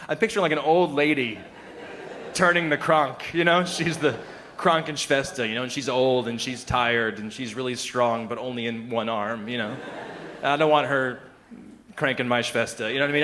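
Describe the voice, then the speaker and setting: Bright-voiced man doing stand-up. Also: mid-range voice, brisk, a little hiss or hum. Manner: animated storytelling, swings between hushed and loud. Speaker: stand-up comedian. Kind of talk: stand-up comedy monologue.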